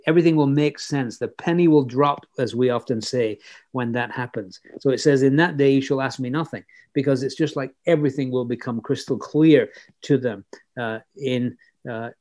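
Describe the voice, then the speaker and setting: A man's voice: medium pitch, a little mellow. A man teaching a Bible passage verse by verse, reading scripture aloud and explaining it in a conversational way with fillers and restarts.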